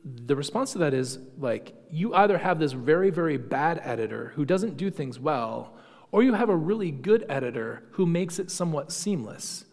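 A man with a slightly high voice leads a Sunday school class in a church classroom that sounds like a large hall. He lectures conversationally, full of fillers, and often asks the class questions.

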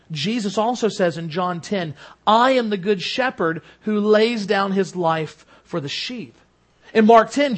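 High-voiced man preaching a sermon. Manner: earnest preaching, rising for emphasis and dropping to soft low endings. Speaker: pastor.

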